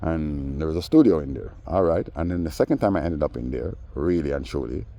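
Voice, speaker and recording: Low, mellow-voiced man ranting. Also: fairly quick. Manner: animated, mimics others in quoted voices, laughs often. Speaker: vlogger. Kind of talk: casual storytelling rant.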